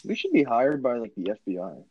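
A man's voice: mid-range voice, wildly swooping pitch, fast, a little mellow, breathy edge, dry recording. A young man co-hosting a podcast in casual chat, throwing out absurd jokes and rambling tangents. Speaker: podcast co-host. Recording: dry, dull lo-fi mic.

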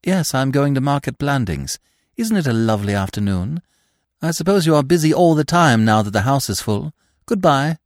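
A man doing a brisk, exasperated young woman. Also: medium pitch, expressive, dry recording, studio quality, voice pushed up, close to an everyday voice.

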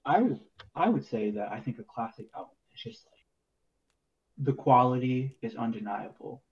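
A man's voice: medium pitch, animated, moderate pace, slightly rough, highs cut off. A man co-hosting a casual music podcast, laid-back and rambling with lots of filler words. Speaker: podcast co-host. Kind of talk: casual chat.

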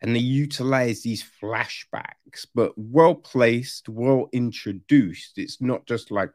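A film reviewer, giving a casual, animated review full of swearing and acted-out reactions. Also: mid-range voice, slow pace, few pauses, no room sound, clean studio sound.

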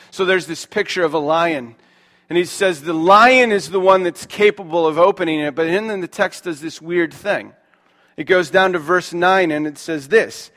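A man in his thirties preaching a sermon, talking casually with fillers and reading scripture more quietly. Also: moderate pace. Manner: conversational, animated preaching with fillers like "like" and "right?"; reads scripture aloud in a lower, quieter voice. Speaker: pastor.

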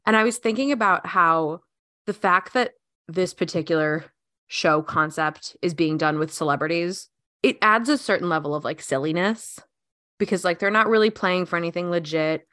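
A woman's voice: lowish voice, moderate pace, fairly bright tone, no room sound, clean studio sound. A young woman co-hosting a casual podcast, musing aloud in a chatty way with lots of "like"s. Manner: chatty, muses aloud with many "like"s. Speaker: podcast co-host. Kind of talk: casual chat.

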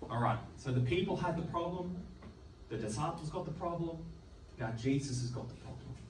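Animated male preacher in an echoey hall. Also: fairly high pitch, fairly quick, background noise. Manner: animated, joking, acts out voices of the people in the story. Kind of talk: sermon. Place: church hall. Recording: echoey room, distant mic, music behind.

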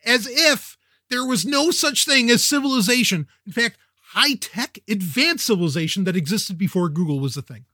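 High-voiced, wisecracking male podcast host. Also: brisk, dry recording, clean studio sound. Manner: energetic, wisecracking, self-interrupting. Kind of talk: casual tech podcast monologue.

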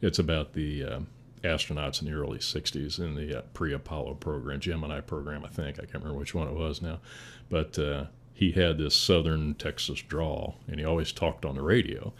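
Older fire chief, very deep, calm storyteller with restarts. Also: male voice, fairly quick, a little hiss or hum. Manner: calm, steady, rambling with restarts. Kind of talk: casual interview storytelling.

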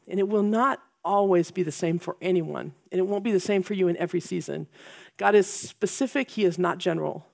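A woman's voice: fairly low pitch, a little fast, vocal fry, darkish tone. A middle-aged woman giving a chatty, self-deprecating talk to a room of mothers, laughing often as she goes. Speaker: speaker at a women's gathering. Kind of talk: casual humorous talk to moms.

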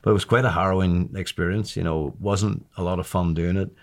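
A man's voice: low voice, fairly even intonation, brisk. A man in his sixties telling a long anecdote in a chatty way, laughing and often restarting his sentences. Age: 60s. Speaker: interview guest. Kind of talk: casual storytelling.

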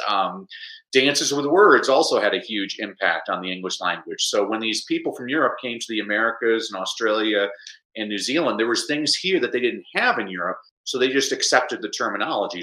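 A middle-aged man with a bright, forceful voice explains things in a lively conversational way. He sounds like a teacher making his point. The room around him is echoey. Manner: animated, explanatory, mimics Spanish with exaggerated pitch. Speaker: educator guest. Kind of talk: conversational interview.

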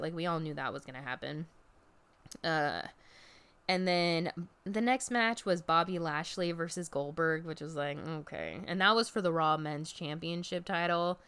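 A woman's voice: low-pitched, fairly bright tone, clean tone. A woman telling a casual, profane story about a live event, full of fillers and acted-out quotes. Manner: chatty, profane, filler-heavy, acts out quotes. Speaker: podcast host recapping a wrestling event.

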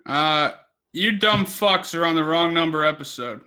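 A man's voice: a little high, moderate pace, sharp tone, clean tone. A man co-hosting a podcast, telling a rambling story in casual chat, swearing constantly. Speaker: podcast co-host.

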